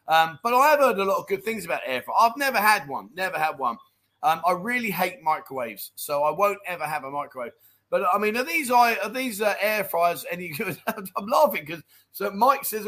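A middle-aged man hosting a relaxed live-stream chat, reading viewer messages and laughing along. His voice sits a little high and sounds bright and forward, with an easy, jokey, matey way of talking. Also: moderate pace. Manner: jokey, laughs often, calls people mate.

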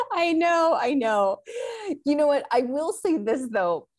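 A woman's voice: high voice, lively intonation, slow. A woman guest on a faith talk show, telling a story animatedly and laughing often.

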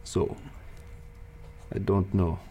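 A man runs a tabletop game with a very deep, gravelly voice. He narrates slowly and deliberately, and his delivery stays calm and measured. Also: dull audio, a little hiss or hum. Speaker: game master.

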